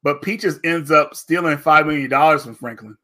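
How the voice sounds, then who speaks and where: A man hosting a podcast, casually retelling a series and acting out the characters in animated raised voices. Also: fairly high pitch, normal speed. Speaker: podcast host. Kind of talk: casual review chat.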